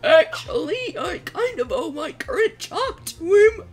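A man's voice: very high-pitched, sing-song, a little slow, over music, pitched above the performer's own voice, exaggerated voice. A young man reading out the lines of a poised adult woman defense attorney from a game, half-joking. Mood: composed.

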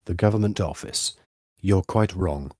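A man's voice: low voice, measured pace, darkish tone, no room sound, studio quality. A man reading the part of a male schoolteacher who collects insects, answering defensively and insistently.

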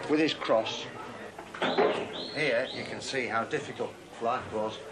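An exuberant man presenting a travel segment out of doors on a hot day, coaxing and playing to the camera. His voice sits at an everyday middle pitch. Clear background noise from the old outdoor broadcast runs under his talk. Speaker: TV host.

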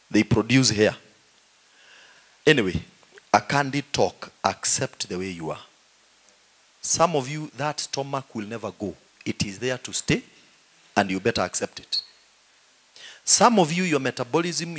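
A middle-aged man with a Kenyan accent, a pastor preaching in a joking, animated way and saying "you know" often. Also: medium pitch. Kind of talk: humorous sermon.

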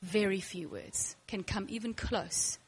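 A woman's voice: mid-range voice, a little slow, husky. A woman teaching worship to a class, playful and emphatic, acting out little scenes with her students. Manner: emphatic, bursts of excitement.

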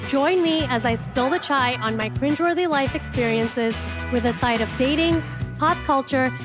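A woman in her late thirties hosts a chatty podcast interview. Her voice sits a little high and she gushes over her guest. Soft music plays faintly underneath. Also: moderate pace. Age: late 30s. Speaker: podcast host.

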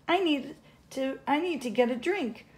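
A woman's voice: high voice, expressive, unhurried, pitched above the performer's own voice. A woman reading aloud, voicing a young boy who keeps stalling at bedtime in an earnest, pleading way.

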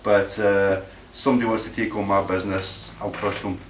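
A man's voice: fairly low pitch, level tone, a little fast, slight background noise. Male meeting speaker, combative and plain-spoken, recorded far off in an echoey room. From Scotland. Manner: blunt, combative, repeats words while searching. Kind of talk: informal talk to a live audience.

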